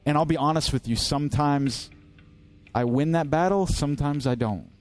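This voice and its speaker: A man's voice: on the high side, normal speed, a little mellow, dry recording. A man preaching a sermon as pastor, earnest and direct, driving points home with rhetorical questions.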